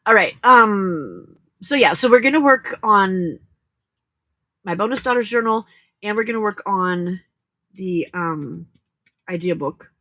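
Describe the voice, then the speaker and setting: A woman's voice: medium pitch, expressive, unhurried, pauses often, pushed and bright. A woman hosting a late-night crafting livestream, chatting casually and giggling as she greets viewers by name, with a hint of a Southern drawl. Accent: Southern US drawl at times.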